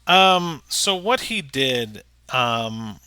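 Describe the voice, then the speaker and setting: A man running a tabletop game as game master, unhurried and full of ums. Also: medium pitch, big pitch swings, pushed and bright, clean tone, no echo.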